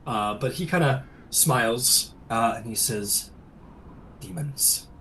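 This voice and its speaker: A man narrating as game master of a tabletop game, relaxed, with many fillers. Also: mid-range voice, unhurried, slight background noise, poor audio.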